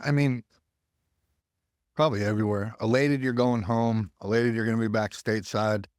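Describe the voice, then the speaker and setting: A lowish, darkish, smooth male voice moves at a moderate pace with a steady tone, recorded in clean studio sound without room sound. He is a US army veteran appearing as a podcast guest, candidly and bluntly telling his story with lots of cursing and acted-out voices.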